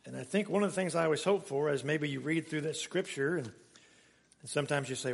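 A man's voice: a little high, fast talker, creaky, in a large hall. A man preaching a sermon, telling a story in a chatty way with laughs and asides.

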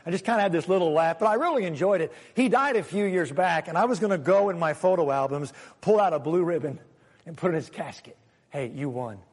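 A man preaching a sermon as a pastor, animated, sometimes acting out the voices he quotes. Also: high voice, quick pace, breathy edge. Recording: long hall reverb.

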